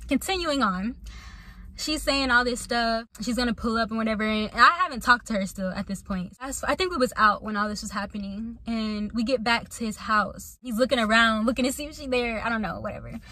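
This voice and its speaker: A woman's voice: a little high, a little fast, dry recording. A young woman casually telling a personal story to her viewers, acting out the people she quotes and laughing along. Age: young adult. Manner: animated, acts out quotes, laughs often.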